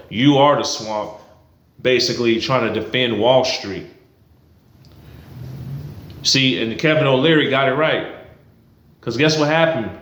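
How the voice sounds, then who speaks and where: A man's voice: medium pitch, fairly bright tone, echoey room. A man giving a heated, blunt and profane political rant to camera, repeating himself for emphasis. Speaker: political commentary vlogger. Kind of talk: ranting to camera.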